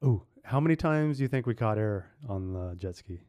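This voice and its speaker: A man hosting a casual podcast with his kids, playful and quick to laugh as he quizzes them. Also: on the low side, animated, warm tone. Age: adult. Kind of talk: casual family podcast chat.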